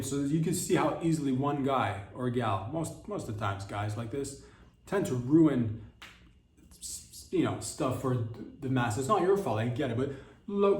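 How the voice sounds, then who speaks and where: A man's voice: mid-range voice, a little mellow. A man hosting a comedy podcast in a rambling, provocative monologue, often cutting himself off and restarting. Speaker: podcast host. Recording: roomy echo.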